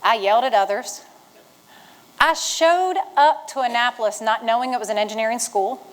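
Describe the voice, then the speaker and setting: A woman in her fifties from Virginia tells her life story to a room of veterans, slipping into the voices of the people she quotes. Her voice sits a little high for a woman and carries the energy of a motivational speech. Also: normal speed, rough recording. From Virginia, USA. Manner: animated, acts out dialogue in her story. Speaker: retired Marine giving a talk to veterans. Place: event room with an audience.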